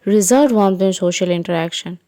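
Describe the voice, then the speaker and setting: A woman narrating a second-person fan fiction story in an even, unhurried way. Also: lowish voice, no echo.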